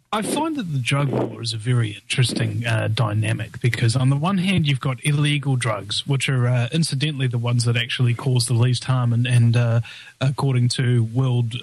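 Husky-voiced male radio host. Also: mid-range voice, moderate pace, no echo. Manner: rambling, joking, many fillers. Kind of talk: casual talk radio chat.

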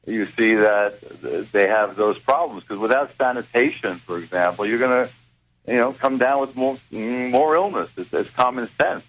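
A man's voice: medium pitch, fairly bright tone, poor audio. Older man lecturing as a radio guest. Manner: measured, lecturing tone. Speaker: guest doctor. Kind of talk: radio interview.

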